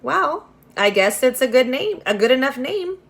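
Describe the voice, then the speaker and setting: A woman's voice: high-pitched, big pitch swings, moderate pace, voice pushed up. A woman voicing a kind, practical young girl who speaks in a friendly, reassuring way in a read-aloud storybook.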